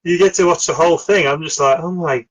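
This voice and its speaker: A man's voice: on the high side, fast, rough recording. A middle-aged man, chatting casually about films as a podcast host, with lots of fillers and frequent laughs. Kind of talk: casual film chat.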